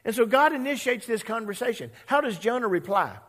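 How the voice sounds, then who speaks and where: A man preaching a sermon as a pastor, conversational and animated, acting out voices of characters and coaxing the congregation to repeat words. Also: very high voice, fairly quick, in a large hall.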